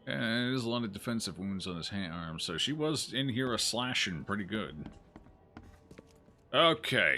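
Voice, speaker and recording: A man's voice: on the low side, lively intonation, moderate pace, pushed and bright, faint music behind. A man streaming a horror game, joking and thinking aloud as he plays. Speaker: gaming streamer. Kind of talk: casual let's-play commentary.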